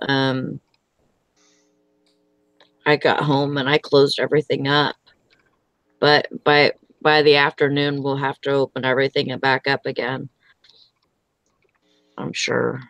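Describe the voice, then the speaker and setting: A woman's voice: extremely low pitch, dry recording. A woman hosting a casual livestream, chatting in a rambling, easygoing way with plenty of fillers. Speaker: livestream host. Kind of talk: casual chat.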